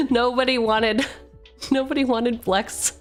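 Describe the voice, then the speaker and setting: A woman's voice: fairly high pitch, takes it slowly, soft background music. A woman streamer chatting casually with her viewers, rambling, joking at herself and reading card text aloud. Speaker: streamer opening card packs. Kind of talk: casual live-stream chat.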